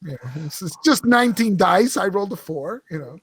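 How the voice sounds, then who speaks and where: A man's voice: high voice, lively intonation, normal speed, breathy edge, no echo. A man running a tabletop game as game master, talking casually, laughing often and restarting his sentences.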